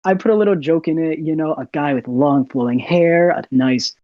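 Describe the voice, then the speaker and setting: A young adult American man, easygoing and laughing now and then, speaks casually on a podcast as a guest. His voice is a little high at a normal pace, in dry, dull lo-fi recording.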